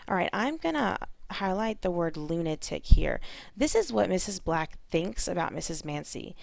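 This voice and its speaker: A woman teacher walks through a reading lesson in a clear, methodical way. Her voice is low and gravelly, and the recording is close and dry. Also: very animated, normal speed, a little mellow, no echo.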